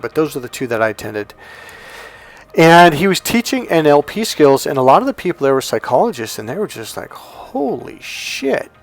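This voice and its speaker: A man, a dating coach, telling a rambling personal story in casual monologue, acting out other people in a high voice.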